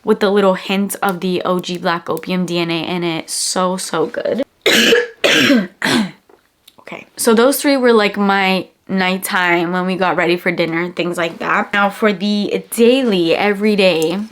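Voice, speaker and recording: A woman's voice: on the low side, steady tone, unhurried. A young woman with a congested, stuffy nose, chatting in a gushing, casual way as she reviews perfumes in a vlog. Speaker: beauty vlogger. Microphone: camera-mounted mic.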